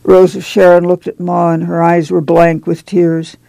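A measured audiobook narrator with a gravelly, mellow voice. The reading is steady and unhurried, and the recording is close and dry. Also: mid-range voice, no echo, poor audio.

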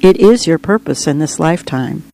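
The narrator of a spoken memoir voicing a wise male dove that speaks slowly, softly and reassuringly. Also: medium pitch, lively intonation, vocal fry, rough recording. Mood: gentle. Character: gentle wise male dove, calm messenger.

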